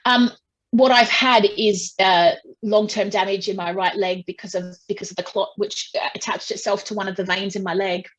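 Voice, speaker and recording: A woman's voice: mid-range voice, fairly even intonation, normal speed, poor audio. A woman singer in an interview, talking casually and at length, often restarting phrases and acting out what people said. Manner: chatty, restarts often, acts out quotes.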